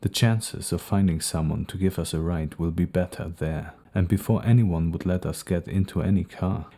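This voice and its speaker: A man narrating a novel in the first person for an audiobook, reading in a steady, measured way. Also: deep voice.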